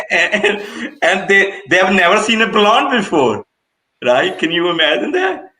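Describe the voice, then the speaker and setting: A man in casual conversation, telling anecdotes with animated retellings. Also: high-pitched, slow, poor audio. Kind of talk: casual chat.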